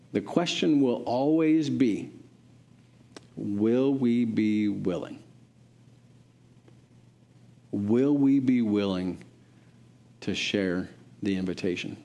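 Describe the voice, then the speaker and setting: A man preaching, telling a story in a sermon and acting out the voices of the people in it. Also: mellow. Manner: acts out quoted voices, pitch rising for characters.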